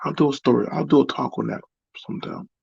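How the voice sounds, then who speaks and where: A man telling a personal story to his viewers in a reflective, halting way. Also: mid-range voice, creaky, a little mellow, slightly rough. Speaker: vlogger. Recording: dry, dull lo-fi recording.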